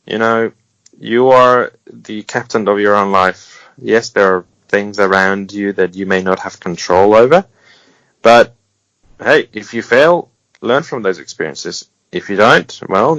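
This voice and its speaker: A man's voice: fairly low pitch, unhurried, fairly bright tone, dry recording. A man speaking as an interview guest, giving earnest, encouraging advice with wry humor and some restarts. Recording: dull lo-fi sound, dry.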